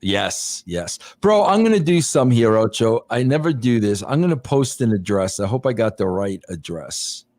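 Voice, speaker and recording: A man of medium pitch hosts a casual chat and reads out viewer messages. His delivery is laid-back and drawn out. The recording is close and dry. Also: big pitch swings, a little mellow, no room sound. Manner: laid-back, drawn-out, says bro a lot. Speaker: podcast host.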